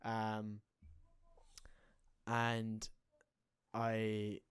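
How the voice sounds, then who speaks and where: A man's voice: fairly low pitch, monotone, extremely slow, smooth, no room sound, clean studio sound. A young Irish man chatting casually as a podcast co-host, rambling with many restarts and fillers. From Ireland. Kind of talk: casual chat.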